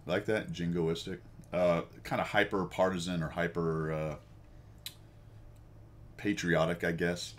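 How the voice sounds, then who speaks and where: A man's voice: sits low, little pitch movement, unhurried, long pauses. An American man hosting a casual chat with viewers, rambling and self-deprecating and laughing often. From United States. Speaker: host.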